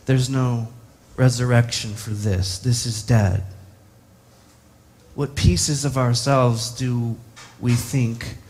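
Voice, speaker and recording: A man's voice: mid-range voice, steady tone, takes it slowly, a little mellow, a little hiss or hum. A man preaching a sermon, reflective and posing many rhetorical questions to the congregation.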